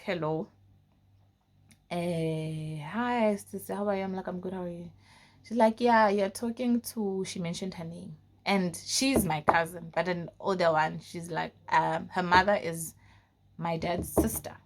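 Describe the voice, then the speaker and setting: Young woman, from south africa, storytime vlog, casual, fillers, quiet low asides. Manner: casual, frequent fillers like "like" and "you know"; often drops to a low, quiet voice. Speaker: vlogger.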